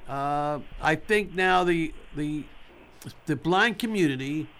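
A male radio host speaks in a bright, forceful voice that sits a little high for a man. He is earnest and tends to repeat himself to stress a point. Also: slow. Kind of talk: live radio talk show chat.

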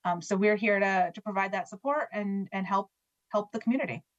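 A woman's voice: mid-range voice, a little fast, dry recording. Friendly woman guest, dull dry sound. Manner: friendly, many fillers and restarts. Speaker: guest from a foundation. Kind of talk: casual radio interview.

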